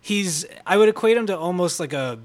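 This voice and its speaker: A man's voice: sits high, lively intonation, brisk. A man chatting on a podcast who rambles enthusiastically through his memories. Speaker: podcast panelist. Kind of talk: casual chat.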